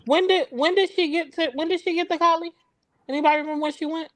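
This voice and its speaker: A woman's voice: very high-pitched, fairly even intonation, quick pace, fairly bright tone, no echo. A woman in a casual chat, asking curious questions about what happened.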